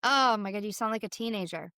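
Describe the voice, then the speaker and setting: A woman's voice: mid-range voice, fast, bright, forceful tone, no echo, studio quality. A woman co-hosting a casual podcast, chatty and full of "like", who acts out inner thoughts as she explains.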